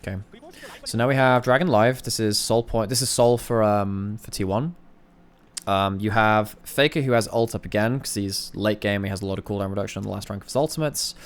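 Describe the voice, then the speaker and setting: A man's voice: lowish voice, brisk. A man giving a casual, thinking-aloud commentary review of a recorded esports match, restarting phrases as he analyzes plays.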